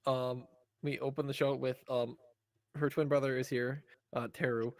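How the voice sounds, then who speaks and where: A man's voice: mid-range voice, level tone, normal speed. A man co-hosting a podcast, recapping an episode casually with many ums and uhs. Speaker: podcast co-host.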